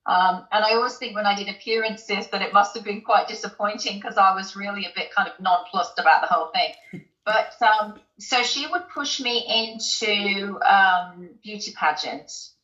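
A British woman tells her story as an interview guest, chatty and loose, with plenty of ums and false starts and frequent laughter. Her mid-range voice is bright and clear-toned at a normal speed, and the recording sounds roomy and a little dull.

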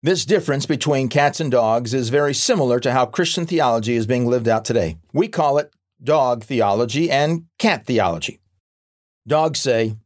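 A man reads a nonfiction book aloud at a mid-range pitch for a male voice. His narration is wry and gently humorous, and his delivery is measured and unhurried. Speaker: audiobook narrator.

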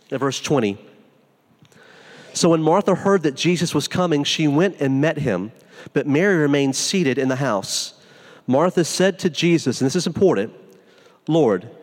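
A pastor preaching in a relaxed, conversational style, tossing in casual asides as he goes. His voice sits a little high for a man, and it carries a long reverb tail from a big church hall. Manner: conversational, informal preaching with frequent "like". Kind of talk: sermon.

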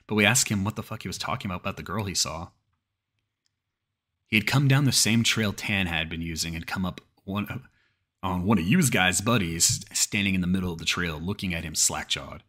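A man's voice: low-pitched, normal speed, sharp tone. A man narrating a creepypasta horror story in a cursing, casual way, often restarting mid-sentence.

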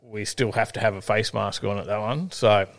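A man's voice: fairly low pitch, moderate pace. A middle-aged Australian man co-hosting a casual live-stream chat, joking and laid-back, with lots of ums and repeats. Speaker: co-host.

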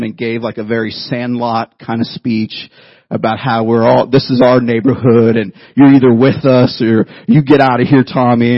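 A man in his thirties, a pastor, preaching a sermon and telling a childhood story in an animated way, laughing at himself. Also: medium pitch, breathy edge, no echo, highs cut off.

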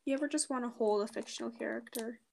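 A woman's voice: fairly high pitch, quick pace, vocal fry, darkish tone, slight background noise. A young woman co-hosting a podcast over an online call, teasing her partner and laughing breathily through her nose. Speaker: podcast co-host. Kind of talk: casual chat.

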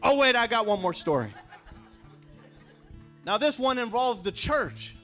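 A man preaching a sermon, telling personal stories and building to fervent shouts. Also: extremely high pitch, sing-song, measured pace, faint music behind.

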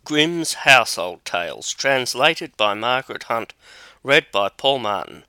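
Slow, deliberate male audiobook narrator. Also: medium pitch, sing-song, bright, forceful tone, clear, resonant tone, dry recording. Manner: measured, deliberate reading. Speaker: audiobook reader. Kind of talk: scripted storybook narration.

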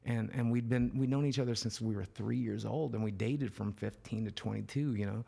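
A man's voice: on the low side, a little fast, gravelly, mellow, slightly rough. A middle-aged man, a podcast guest, telling a personal story candidly, swearing freely and dropping to near whispers at the heavy parts.

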